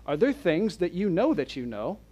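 A man's voice: high-pitched, very animated, moderate pace, mellow, slightly rough. A man preaching a sermon to his church congregation, with a slightly raised voice that climbs and drops a lot as he leans into rhetorical questions and sarcastic asides. His delivery is conversational, with restarts and direct challenges to the listeners. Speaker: pastor. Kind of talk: expository sermon.

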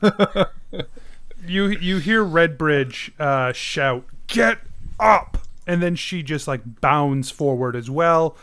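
A man with a higher, smooth and resonant voice runs a tabletop game. He narrates the action in a casual, quick way and laughs easily along with his players. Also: fairly bright tone. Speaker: game master.

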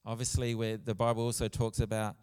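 A man preaching a sermon in a church, earnest, with soft passages and loud emphatic bursts. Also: fairly low pitch, little pitch movement, fairly quick, clear, resonant tone. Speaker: pastor. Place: church hall. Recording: long church reverb.

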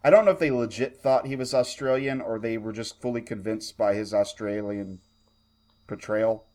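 A man with a lowish voice co-hosting a relaxed chat. He rambles through his points, filling gaps with "uh" and "like" and throwing in curses along the way. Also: moderate pace. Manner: rambling, profane, with many fillers. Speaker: podcast co-host. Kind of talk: casual chat.

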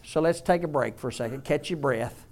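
A man preaching a sermon in a conversational way, quizzing the congregation and dropping to a hush on tender points. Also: mid-range voice, fairly quick. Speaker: pastor.

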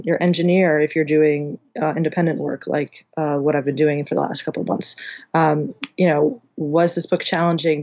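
A woman's voice: deep voice, a little mellow, muffled recording. A woman being interviewed about audiobook engineering, talking in a chatty, rambling way with many restarts. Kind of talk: casual interview chat.

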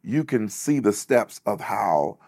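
A man hosting a podcast who mostly affirms his guest, then reflects in a calm, measured way. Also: lowish voice. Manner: frequent soft backchannel affirmations, reflective. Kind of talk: casual conversation.

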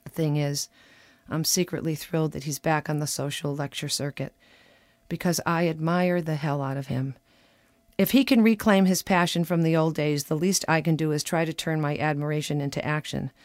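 A woman's voice: sits low, fairly even intonation, normal speed, a little mellow, dry recording. Woman reading a wry personal essay. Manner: wry, conversational reading with quoted dialogue. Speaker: commentator.

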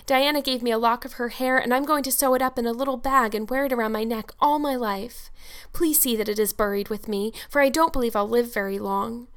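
A woman's voice: a little high, fairly even intonation, brisk, clean tone, close to an everyday voice. A woman voicing a dramatic, romantic young orphan girl who speaks in a gushing, theatrical, tearful way in an audiobook. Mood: mournful. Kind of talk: audiobook character voice.

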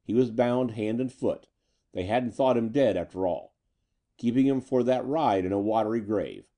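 A man narrating a pulp story in an expressive, dramatic reading. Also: medium pitch, normal speed. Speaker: audiobook narrator.

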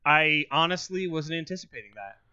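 A young man co-hosting a casual podcast, with dry, deadpan humor. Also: on the high side, fairly quick, clear, resonant tone, no room sound, dull audio. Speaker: podcast co-host. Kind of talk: casual chat.

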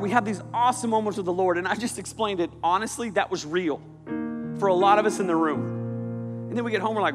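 Animated youth pastor in a hall. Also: male voice, high voice. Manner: animated, jokey, shouting at times. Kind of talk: youth sermon. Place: church hall with audience. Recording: echoey hall.

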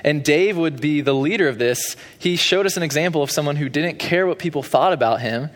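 A man's voice: a little high, brisk. A young man giving a sermon as pastor in a church, preaching in a conversational way with frequent fillers. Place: church sanctuary. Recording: long hall reverb.

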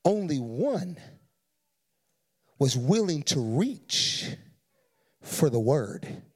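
A preacher softly voicing a calm, gentle Jesus. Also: male voice, a little high, slightly rough, voice pushed down, full character voice. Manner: soft, hushed, slow. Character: Jesus, calm gentle man speaking to a crowd. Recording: long reverb of a large church.

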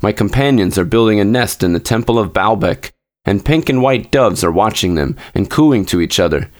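A man reading aloud voices a small, devoted male swallow in a fairy tale, speaking in a raised, quick, lilting way. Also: on the low side, expressive, lightly acted. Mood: earnest.

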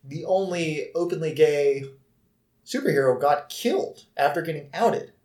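Male podcast co-host, casual and profane, fairly high voice, echoey room. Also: animated, normal speed, darkish tone. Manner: loose, swearing, joking. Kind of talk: casual chat.

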